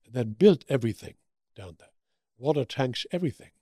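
A man in his eighties from Germany with a German accent, telling animated stories in an interview and acting out the quotes. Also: mid-range voice, fairly quick, breathy edge, dry recording, studio quality. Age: 80s. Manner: animated anecdotes with acted-out quotes. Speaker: guest. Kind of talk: storytelling interview.

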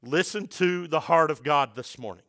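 A middle-aged male pastor preaching a sermon, swinging between shouted passages and hushed low asides, with playful jokes for the congregation. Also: moderate pace.

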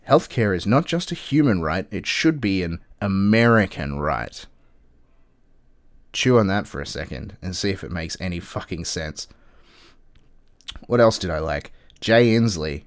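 A man's voice: sits low, clear, resonant tone, no room sound. A man giving casual political commentary in a wry, sarcastic way, swearing freely and using lots of fillers.

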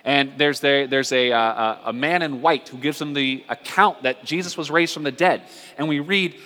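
A man preaching a sermon as a pastor, earnest and conversational, with drawn-out dramatic pauses. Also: mid-range voice, sharp tone. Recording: long hall reverb.

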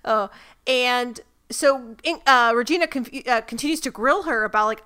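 Bright-voiced young woman recapping TV. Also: on the high side, expressive, normal speed, clean tone. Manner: thoughtful, retells scenes with small laughs and quoted lines. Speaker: podcast co-host. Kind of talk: casual TV recap chat.

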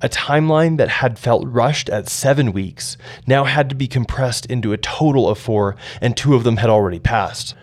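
With reflective sincerity, an earnest young man narrates his memoir. His middle-pitched voice is plain and unhurried.

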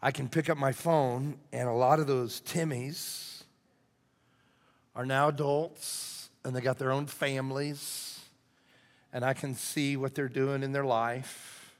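Middle-aged pastor guy telling a story from the pulpit, average pitch, big echoey church hall. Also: takes it slowly. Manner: conversational, animated storytelling that turns hushed and earnest. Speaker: lead pastor. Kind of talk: storytelling sermon.

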